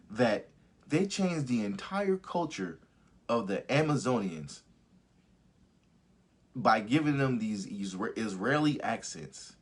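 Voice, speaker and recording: A man's voice: mid-range voice, slightly rough. Profane, laughing man ranting. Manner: profane, animated, laughs often. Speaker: host of a live review stream. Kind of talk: ranting casual review.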